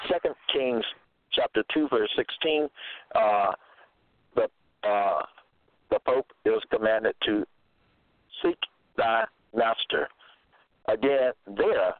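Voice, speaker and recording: A man preaching slowly and deliberately, citing scripture verses and checking in with his listeners. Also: lowish voice, no echo. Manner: deliberate, cites verses, repeats "okay?". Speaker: self-styled religious teacher. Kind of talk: slow scripture-citing sermon. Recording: tinny phone-like dry sound.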